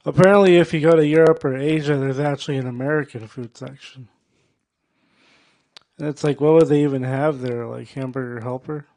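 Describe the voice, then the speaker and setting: A male stand-up comedian doing a set, loud and profane, working the crowd. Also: mid-range voice, steady tone, fairly quick, gravelly. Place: comedy show stage.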